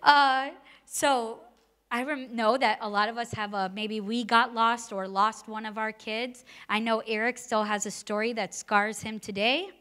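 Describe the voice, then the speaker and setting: A woman delivers a sermon, reading scripture and then drifting into stories of her own kids. Her voice is bright and sits a little high. She talks in a casual, conversational way and keeps asking rhetorical questions. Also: steady tone, normal speed. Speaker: preacher.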